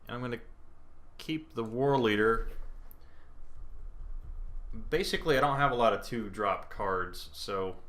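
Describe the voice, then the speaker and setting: Bright-voiced young man thinking aloud. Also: fairly low pitch. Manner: thinking aloud, hesitant, with playful put-on panic. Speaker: gameplay commentator. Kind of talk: casual gameplay commentary. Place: indoor room at home, planes passing overhead.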